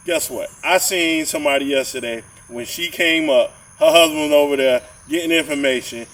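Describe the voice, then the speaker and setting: A man's voice: a little high, normal speed, fairly bright tone, distant mic, poor audio. A man co-hosting a podcast, rambling in casual chat and often repeating his words as he makes a point. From southern Georgia, US. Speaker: podcast co-host.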